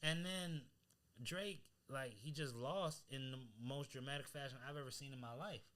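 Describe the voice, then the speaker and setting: A man co-hosting a podcast in casual chat, talking in an animated, emphatic way full of slang. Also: medium pitch, moderate pace. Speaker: podcast co-host.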